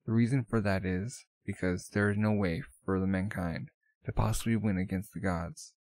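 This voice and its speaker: A man's voice: on the low side, fairly even intonation, normal speed, a little mellow, no echo. A man narrating a manga aloud in a plain, offhand way, with casual asides. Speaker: manga reader.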